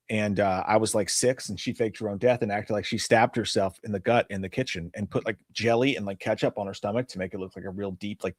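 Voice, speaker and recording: Recorded at studio quality with no echo, a man in his thirties speaks at medium pitch. He's co-hosting a casual live-stream chat show as a podcast co-host, rambling through stories and swearing freely.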